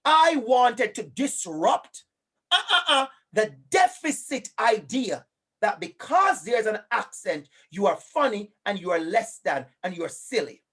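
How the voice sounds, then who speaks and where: A man with a Jamaican accent giving a live online lecture, animated and emphatic, turning to a colleague by name. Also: high voice, measured pace, slightly rough.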